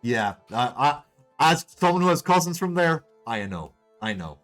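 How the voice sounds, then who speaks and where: A man's voice: fairly high pitch, sing-song, normal speed, fairly bright tone, soft background music. A man hosting a live game stream, chatting casually and rambling with restarts. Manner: rambling, many restarts and laughs. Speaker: streamer host. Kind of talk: casual let's play commentary.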